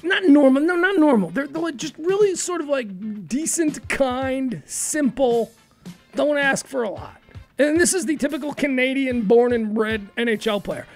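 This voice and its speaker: A woman hosting a talk radio show in a studio, opinionated and riffing quickly in casual commentary. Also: high-pitched, lively intonation, soft background music. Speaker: radio host.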